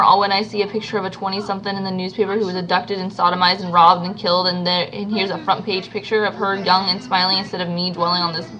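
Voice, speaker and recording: A woman's voice: medium pitch, fairly bright tone, rough recording. A woman reading a novel aloud as an amateur reader, stumbling over words and restarting now and then.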